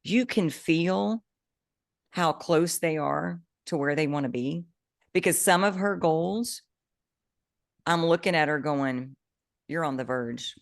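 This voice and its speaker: A woman co-hosting a podcast, chatting casually and telling an animated story with bursts of excitement. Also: sits low, slow, gravelly, long pauses, no room sound, clean studio sound. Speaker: podcast co-host, coach. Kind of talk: casual chat.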